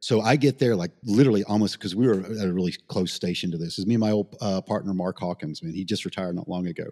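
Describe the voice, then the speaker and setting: A man's voice: low voice, fast, darkish tone, slightly rough, long reverb tail. A middle-aged man, a paramedic, telling a rambling story in a casual interview, swearing freely and getting emotional. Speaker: paramedic guest.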